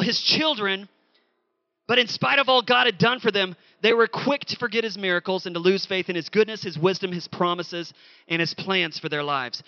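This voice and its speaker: A man preaching a sermon, telling a story with animated, acted-out quotes. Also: sits high, creaky, no room sound, lo-fi sound. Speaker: pastor.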